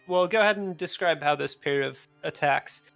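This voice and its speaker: A man narrating a tabletop role-playing game as game master, talking in a relaxed, loose way with fillers. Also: on the high side, moderate pace, vocal fry, soft background music.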